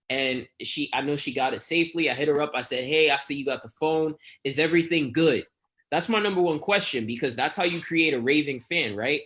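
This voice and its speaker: Animated New York man telling stories. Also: a little high. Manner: animated storyteller who acts out customer exchanges. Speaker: guest phone reseller. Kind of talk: casual interview chat.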